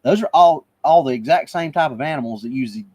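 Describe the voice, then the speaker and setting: A man's voice: a little high, animated, quick pace, mellow, no echo. A man co-hosting a podcast who rambles easygoingly and often restarts his sentences. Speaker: podcast co-host. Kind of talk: casual chat.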